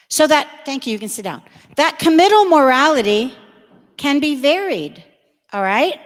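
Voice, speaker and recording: A middle-aged woman with a high voice speaks to confirmation students in a large church. Her delivery is direct and full of stories, and she calls out to the crowd. The sound carries a long reverb from the hall. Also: very animated, moderate pace. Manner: direct, storytelling, addresses the crowd. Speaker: religious education speaker.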